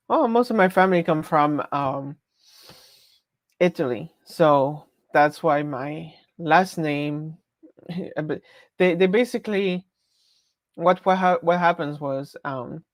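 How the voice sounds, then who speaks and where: On a live stream, a Frenchwoman with a French accent rambles in a chatty way and keeps interrupting herself mid-sentence. Her voice is low-pitched, and the recording is dry.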